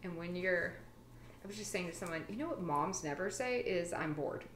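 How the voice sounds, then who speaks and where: A woman talking with friends in a loose, casual chat, her pitch jumping about as she acts out little quotes and noises. Her voice is bright and forward. The room adds a noticeable echo and a faint hiss sits behind her. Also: expressive, fairly quick. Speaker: podcast host. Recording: roomy echo, light background hiss.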